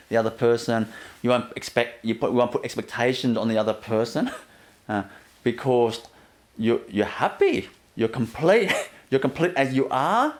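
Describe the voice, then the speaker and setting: A man giving a gentle inspirational talk as a spiritual teacher, often laughing softly and leaning on "you know" as he repeats himself. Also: medium pitch. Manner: repetitive, fills with "you know".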